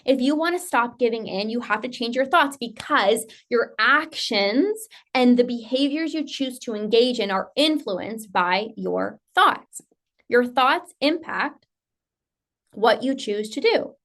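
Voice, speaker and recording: A woman's voice: fairly high pitch, animated, measured pace, a bit bright. A woman binge eating coach giving a casual, sassy motivational talk. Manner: casual, sassy, upbeat, uses mild slang.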